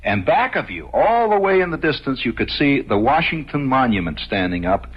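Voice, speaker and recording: A man's voice: mid-range voice, very animated, moderate pace, husky. A man telling a rambling story on radio, chuckling as he goes. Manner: rambling, conversational, chuckling asides. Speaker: radio host. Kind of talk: storytelling monologue. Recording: dull lo-fi old radio recording.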